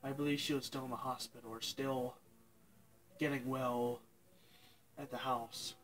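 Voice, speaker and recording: A young man telling a painful personal story to his viewers, halting and tearful, pausing and restarting as he cries. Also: mid-range voice, level tone, a bit bright, a little hiss or hum, poor audio. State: crying. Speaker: vlogger. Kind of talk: emotional personal story to camera.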